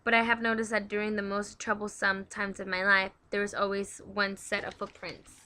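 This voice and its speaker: Bright-voiced young woman reading devotions. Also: mid-range voice, completely flat delivery, moderate pace, slight background noise. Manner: chatty, stumbling over words while reading aloud. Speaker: devotional video host.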